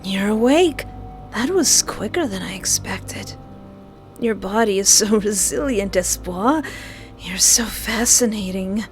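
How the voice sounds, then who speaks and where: A creepy yandere young man, put on by a woman reading a game speaks in a hushed, falsely soothing murmur. His slow, drawn-out words sit at a middling pitch with faint music underneath. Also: expressive. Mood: creepy fascinated.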